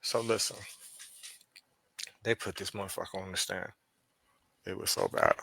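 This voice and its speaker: Pennsylvania guy swearing thru a story, low voice, punchy, dry mic. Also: moderate pace, gravelly, dry recording. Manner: profane, animated retelling with quoted dialogue. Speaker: podcast guest. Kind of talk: casual storytelling.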